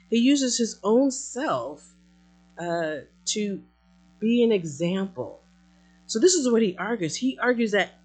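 A woman's voice: on the low side, darkish tone, husky. A woman preaching a sermon in a conversational, emphatic way, acting out quotes as she goes.

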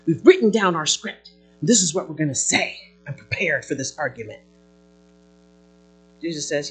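A pastor preaching a sermon in an animated way, with playful asides and acted-out quotes. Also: mid-range voice, moderate pace, long pauses, breathy edge, soft background music.

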